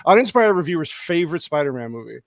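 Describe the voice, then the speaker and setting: A man hosting a podcast in casual chat, joking and affectionate and quick to laugh. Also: on the high side, sing-song, creaky. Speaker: podcast host.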